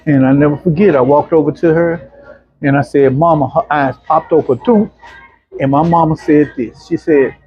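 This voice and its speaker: A middle-aged man, an interview guest telling personal stories in a casual, animated way and acting out other people's voices. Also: on the high side, moderate pace, slightly rough, no room sound. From Arkansas, USA. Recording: dull, muffled lo-fi sound.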